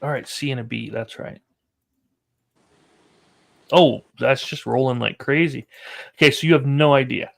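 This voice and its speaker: A man's voice: medium pitch, measured pace, gravelly, pauses often, fairly bright tone. A man running a tabletop horror game as game master, narrating dice results casually.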